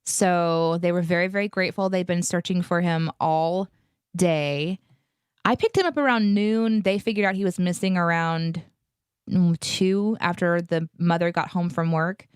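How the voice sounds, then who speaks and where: Clean-toned and lowish, a woman in her thirties tells a story at a measured pace while co-hosting a live morning show. Her delivery is animated, upbeat and conversational, captured in clean studio sound without echo.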